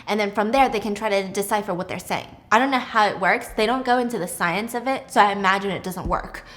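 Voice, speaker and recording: A woman hosting a casual movie recap, chatty and animated, swearing freely as she tells it. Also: medium pitch, fast. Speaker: host.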